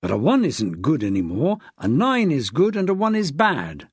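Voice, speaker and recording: A man's voice: fairly high pitch, huge pitch swings, normal speed, slightly rough, no echo, full character voice. A man voicing a witty middle-aged male schoolteacher, a father who talks to his son in a dry, teasing way. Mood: wry.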